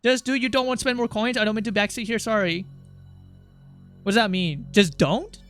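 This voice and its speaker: A young man streaming a video game, chatting casually, swearing, getting excited and reading the game's text aloud. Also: high-pitched, brisk, faint music behind. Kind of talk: casual gameplay commentary.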